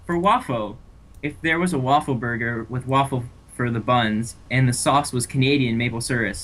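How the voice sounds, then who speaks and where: A young man co-hosting a podcast, giving short deadpan replies in casual chat. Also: mid-range voice, normal speed. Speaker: podcast co-host.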